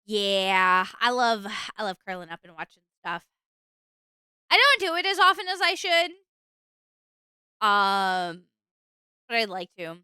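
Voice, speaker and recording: A bright-voiced young woman chats with her stream, rambling from one thought to the next. Her high voice swoops up and down as she talks, clear and close, in a dry room. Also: measured pace, pauses often, no room sound. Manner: chatty, rambling, animated, with fillers and bursts of exasperation. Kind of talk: casual chat with stream chat.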